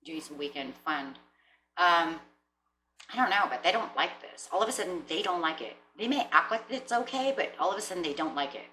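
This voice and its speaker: A woman giving a casual tarot reading, chatty, often clearing her throat and checking in with "right?" and "you know?". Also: on the low side, animated, a little fast, bright, forceful tone, a little hiss or hum. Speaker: tarot reader. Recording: roomy echo.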